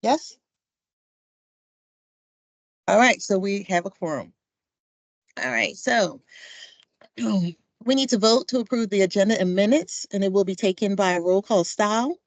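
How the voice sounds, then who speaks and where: A woman's voice: medium pitch, normal speed, dry recording. A woman chairing a commission meeting, calling roll in an informal, upbeat way with plenty of fillers. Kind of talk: running a meeting roll call.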